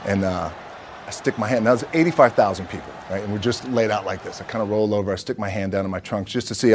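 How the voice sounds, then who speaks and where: Lower-pitched man, casual and candid, swears, acts out dialogue while telling a story to athletes. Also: noisy background. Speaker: motivational speaker.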